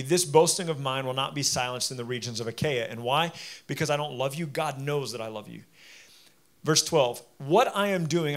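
A pastor, preaching a lively sermon and acting out quotes with sarcasm. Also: male voice, fairly high pitch. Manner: animated, acts out quotes with sarcasm.

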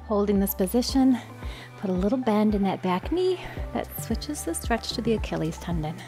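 A woman's voice: mid-range voice, expressive, moderate pace. Breathless upbeat woman fitness instructor. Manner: upbeat coaching cues. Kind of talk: guiding a workout. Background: background music.

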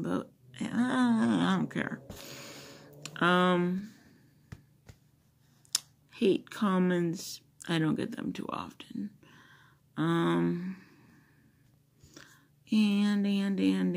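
Slow, gravelly woman vlogger rambling. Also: lowish voice. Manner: rambling, chatty, many fillers. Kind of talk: casual chat to a phone camera. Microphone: phone camera.

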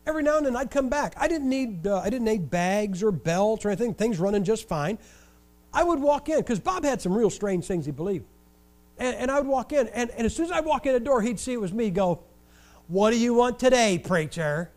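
High-voiced older preacher telling stories. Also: male voice, a little fast. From Ohio, USA. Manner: animated, joking, with wry sarcasm. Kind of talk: storytelling sermon.

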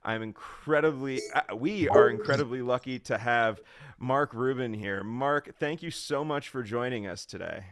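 A man's voice: medium pitch, moderate pace, fairly bright tone. A man hosting, reading out a guest introduction and then interviewing, with small stumbles and restarts. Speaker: host.

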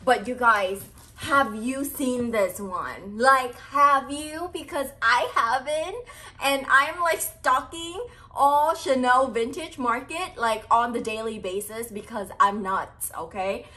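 Gushing fashion vlogger woman, high voice. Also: slow, pushed and bright. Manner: gushing, breathless, heavy on fillers. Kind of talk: excited unboxing vlog.

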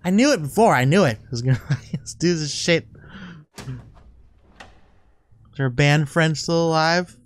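A man hosting a gaming channel, playing a horror game with excitable, swearing commentary. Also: a little high, takes it slowly, pauses often. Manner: excitable, swearing, laughing asides. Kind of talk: let's play commentary.

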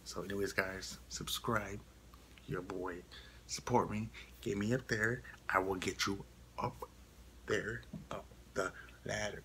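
A male vlogger drawls through a joking channel update, slipping into teasing whispers. His voice sits on the low side, with faint background noise. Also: fairly even intonation, takes it slowly, pauses often, bright, forceful tone, rough recording. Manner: playful, teasing, frequent whispers.

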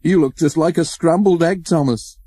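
A good-natured railway driver from a storybook, lifted well above a natural pitch, voiced by a man. Amused and teasing, with a husky tone. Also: normal speed, dark tone, no room sound, studio quality. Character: jolly male engine driver who laughs easily.

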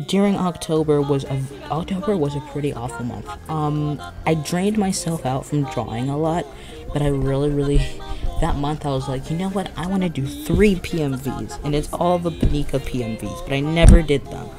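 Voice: mid-range voice, normal speed, music in the background. Rambling, giddy creator with a headache. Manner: rambling and giddy, with many restarts and laughs. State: has a headache. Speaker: video creator. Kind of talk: casual vlog commentary.

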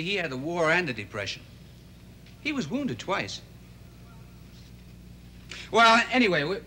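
A young actor playing an earnest, idealistic teenage boy in a 1960s TV drama. He talks in a halting, rambling way full of restarts. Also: mid-range voice, sharp tone, slight background noise.

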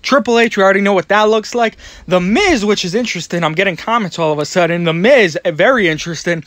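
Casting: breathless, excitable male toy vlogger, high-pitched, dry close mic. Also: quick pace, no room sound. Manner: excitable, rambling, repeats words. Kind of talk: excited voiceover commentary.

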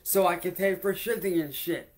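High-voiced man in a profane rant. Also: normal speed. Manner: heated, profane, confrontational; repetitive, addresses a heckler then the audience. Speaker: livestreamer. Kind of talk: angry livestream rant to viewers.

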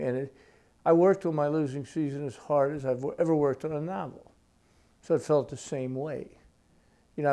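A man in his sixties, an author being interviewed at his home, telling stories in a slow, reflective way. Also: on the high side, creaky, mellow. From United States. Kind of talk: relaxed storytelling in interview.

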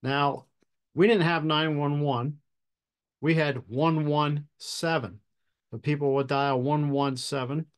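A man hosting a podcast, telling a fire service story in a measured, deliberate way with pauses. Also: on the high side, steady tone. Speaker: podcast host and fire officer instructor. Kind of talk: storytelling anecdote.

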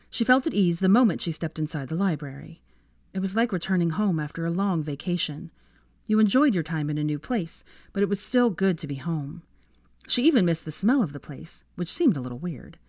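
A woman narrating a fan fiction story in an expressive, measured reading. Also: fairly low pitch, no echo, clean studio sound. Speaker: fanfiction reader.

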